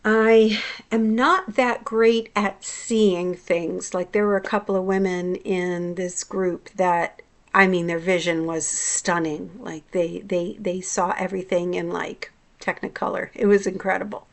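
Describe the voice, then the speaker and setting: A woman's voice: fairly low pitch, flat delivery, measured pace, vocal fry. A woman hypnotherapist talking in a casual personal vlog, reflective and confessional, often restarting her sentences.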